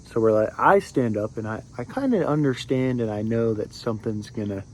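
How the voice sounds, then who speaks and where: A man's voice: mid-range voice, expressive, moderate pace, slight background noise. A young man in his twenties, ranting to camera in a rambling way with lots of fillers and restarts. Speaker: vlogger. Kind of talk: ranting monologue.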